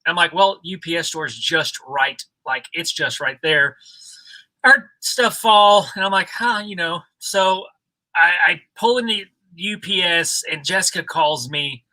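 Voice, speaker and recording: A man co-hosting a casual livestream, talking in a relaxed, rambling way with many fillers. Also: fairly high pitch, a little slow, rough recording. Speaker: co-host of a reselling livestream.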